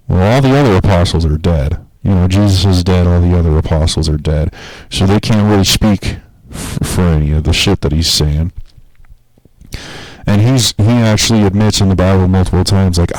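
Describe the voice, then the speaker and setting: A man talking casually on a podcast in a rambling, profane, animated way. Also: deep voice, normal speed, dry recording, poor audio. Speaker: podcast host.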